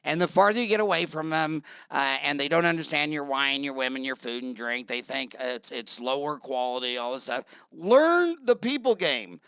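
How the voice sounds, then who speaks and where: A man's voice: a little high, lively intonation, normal speed, few pauses, pushed and bright, smooth, no echo. A middle-aged man hosting an interview, telling blunt, rambling stories in casual talk. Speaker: podcast host.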